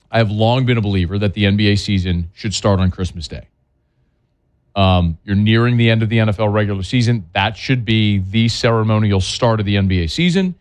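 A man hosting a casual sports radio show, opinionated and wisecracking, rambling between topics and reading sponsor spots. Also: on the low side.

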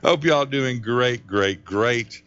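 A man's voice: medium pitch, slow pace, a bit bright, smooth, no echo. A man, a radio DJ chatting casually and folksily between songs, rambling and joking. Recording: slightly muffled broadcast audio.

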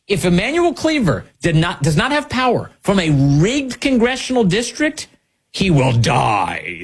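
A man's voice: fairly high pitch, big pitch swings, moderate pace, slightly rough. A man delivering an indignant, sarcastic opinion monologue as a commentary host, with an emphatic way of talking.

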